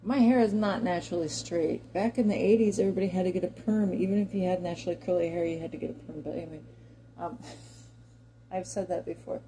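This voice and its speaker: Chatty woman with a warm, mellow voice. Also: fairly low pitch, steady tone, fast talker, poor audio. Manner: chatty and digressive, talks directly to viewers. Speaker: commentary vlogger. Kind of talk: opinion monologue to camera.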